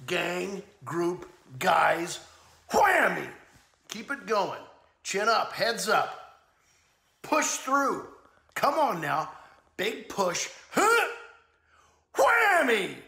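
A man voicing a goofy, excitable male cheerleader who stretches out whooping hype shouts. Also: high-pitched, fast, few pauses, echoey room, voice pushed up. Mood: hyped.

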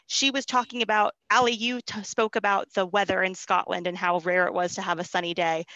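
A woman's voice: medium pitch, bright, forceful tone, dry recording, poor audio. A woman hosting a live travel webinar, upbeat and encouraging, reading questions from the chat. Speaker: webinar host. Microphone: video call.

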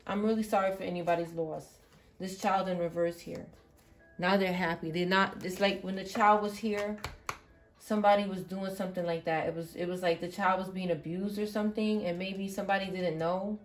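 A woman giving an intuitive tarot reading, thinking aloud, halting and repeating herself. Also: mid-range voice, steady tone. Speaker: tarot reader.

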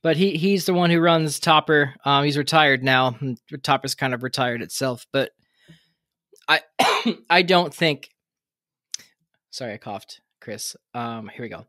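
A man's voice: on the high side, unhurried, sharp tone, dry recording, clean studio sound. A man co-hosting a podcast in casual chat, rambling and joking with lots of fillers and laughs. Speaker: podcast co-host.

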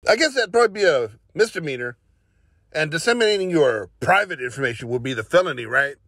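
A man's voice: fairly high pitch, animated, fast, fairly bright tone, no room sound, studio quality. A man hosting a commentary show, making wisecracking, sarcastic voice-over remarks.

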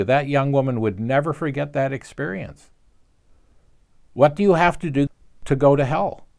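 A man's voice: medium pitch, creaky. Man telling an earnest devotional story. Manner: storytelling, earnest, gently preaching. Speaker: preacher. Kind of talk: short devotional talk.

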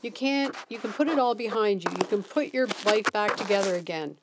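A woman's voice: mid-range voice, animated, brisk, heavy background noise, close to an everyday voice. A woman reading the lines of a drunk, bitter homeless man who slurs and snaps curtly. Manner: slurred, curt and snapping.

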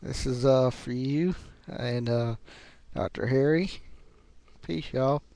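A man in his thirties with a Southern US accent, talking casually to the camera in a halting way, with lots of pauses and fillers. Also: mid-range voice, dry recording. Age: 30s. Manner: relaxed, halting, many fillers. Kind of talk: casual video message.

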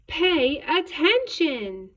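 Stern storybook teacher, scolding and loud, read by a woman; high voice, dull lo-fi sound. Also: very animated, drawn-out words, slight background noise, full character voice. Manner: loud, sharp commands. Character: stern scolding schoolteacher, adult. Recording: dull lo-fi recording.

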